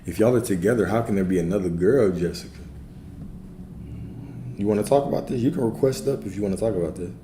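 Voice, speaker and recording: A spiritual coach on a livestream talks fast in a lowish, warm voice, broken up by long pauses. He handles his chat casually, repeats himself often, and keeps checking in with "right?"; the recording is roomy, with faint background noise.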